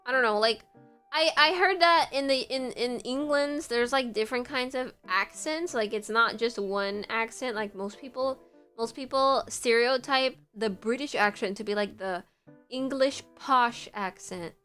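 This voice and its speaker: A woman's voice: fairly high pitch, a little slow, sharp tone, faint music behind. A young woman hosting a livestream, chatting with viewers in a rambling, giggly way full of "like". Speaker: livestream host. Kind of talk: casual chat with viewers.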